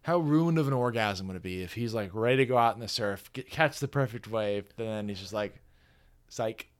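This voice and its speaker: A man co-hosting a casual movie review podcast, retelling scenes and quoting characters in a relaxed drawl. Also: lowish voice, fairly quick. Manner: chatty, quotes characters in a laid-back voice. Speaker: podcast co-host.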